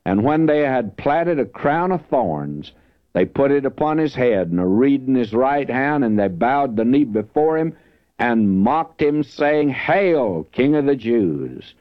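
A man's voice: medium pitch, lively intonation, a little slow, no echo. A man preaching a verse-by-verse Bible teaching sermon, earnest and emphatic, lifting his voice when he reads scripture. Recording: dull lo-fi dry recording.

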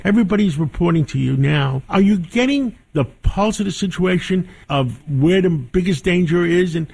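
A man with a notably high speaking voice hosts a radio talk show. He rambles with enthusiasm, restarting sentences and tripping over words as he pushes his points. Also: creaky, darkish tone, husky. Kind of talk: casual talk radio hosting.

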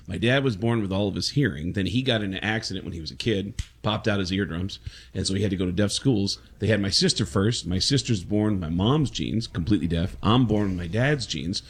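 A comedian man telling animated stories as a guest in a casual interview. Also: low-pitched, brisk, slightly rough. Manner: animated, lively storyteller.

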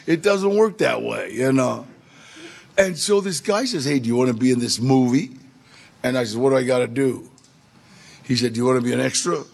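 A man's voice: mid-range voice, lively intonation, moderate pace, vocal fry, a little mellow, slightly rough. A man with a streetwise, emphatic way of talking, casually telling a personal recovery story. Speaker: storyteller guest.

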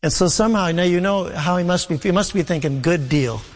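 A man's voice: high voice, fast. A man preaching a sermon with earnest emphasis, acting out scripture dialogue in his own voice. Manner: earnest preaching, voicing Jesus in quotes. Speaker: pastor. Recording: long hall reverb.

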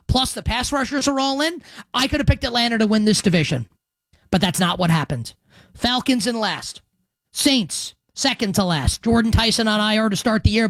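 A man's voice: sits high, dry recording. Brief: male sports radio host, punchy and emphatic, dry close mic. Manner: emphatic, animated, crude joking asides. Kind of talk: sports radio and podcast predictions.

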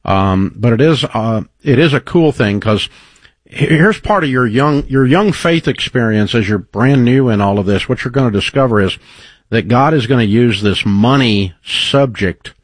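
A man's voice: medium pitch, animated, normal speed, dry recording. A man hosting a call-in advice show, talking in an encouraging, folksy, faith-based coaching way, with studio mic sound. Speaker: radio show host.

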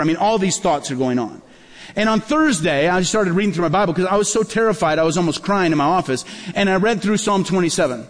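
In a high-pitched voice and at a quick pace, a man delivers sermon storytelling as a pastor, animatedly performing the dialogue in his tales. The sound has a long hall reverb.

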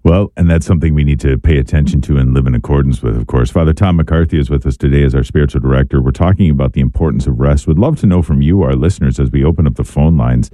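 Man, radio host, extremely low voice, very dark tone, dry studio sound, measured wordy questions. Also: no echo. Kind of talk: radio call-in talk.

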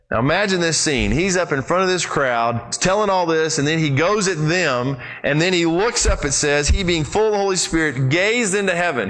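Animated man preaching a sermon. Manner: animated storytelling with big pitch swings; addresses the congregation directly. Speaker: pastor.

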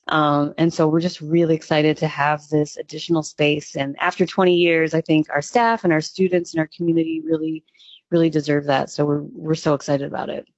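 A woman's voice: low voice, steady tone, a little fast, no room sound, lo-fi sound. A woman who runs a youth music nonprofit speaks as an interview guest, talking enthusiastically with frequent "um" fillers.

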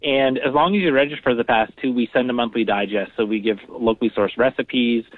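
A man's voice: medium pitch, fairly quick, no echo. A man, a guest on a radio interview, explaining things in an upbeat way with many fillers. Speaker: guest from a regional tourism program. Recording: phone line.

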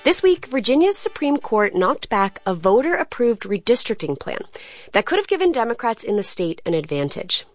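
A woman hosting a radio news program with a warm, conversational presenting style. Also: fairly high pitch, sing-song, normal speed, dry recording. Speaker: radio show host. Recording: faint music underneath.

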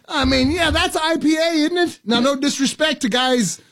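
A man's voice: very high-pitched, moderate pace, a bit bright. A man co-hosting a casual talk show, joking bluntly and keeping it down-to-earth. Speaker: co-host. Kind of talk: casual banter.

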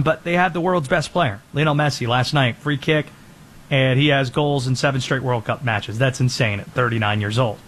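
Lively high-voiced man talking sports. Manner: quick energetic delivery with lively pitch swings. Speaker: sports show host. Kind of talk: sports talk monologue.

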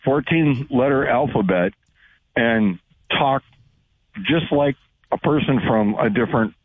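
Husky man rambling over a tinny phone line. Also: mid-range voice, measured pace, dry recording. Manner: rambling, restarting sentences, earnest. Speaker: caller. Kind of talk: casual phone-in chat. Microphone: telephone.

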